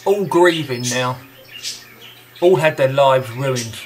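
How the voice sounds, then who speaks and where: A man delivering an angry, confrontational monologue straight to the listener, scornful and deliberate. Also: mid-range voice, a little hiss or hum.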